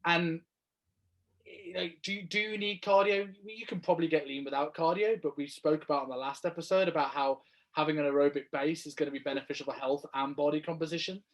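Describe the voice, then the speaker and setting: A man's voice: a little high, a little fast. A man with a Black Country accent co-hosting a casual podcast, bantering and poking fun at himself. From England. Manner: self-mocking, laughing banter. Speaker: podcast co-host.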